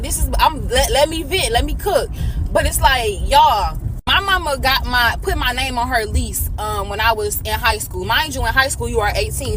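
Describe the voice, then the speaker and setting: A woman's voice: fairly high pitch, background noise. A woman in her late twenties venting to camera about something that frustrates her, swearing often and fighting back tears. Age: 20s. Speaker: vlogger.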